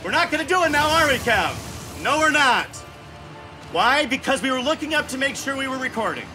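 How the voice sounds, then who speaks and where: A man's voice: extremely high pitch, very animated, a little fast, over music. A man in his fifties giving profane, exasperated gameplay commentary and scolding the game aloud. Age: 50s. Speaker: gaming channel host.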